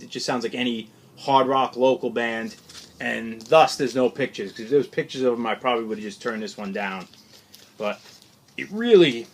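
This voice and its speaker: A man's voice: mid-range voice, fairly bright tone, slight background noise. A man who collects records, talking casually through his latest vinyl finds in a chatty, opinionated, rambling way. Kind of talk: casual unscripted record haul chat.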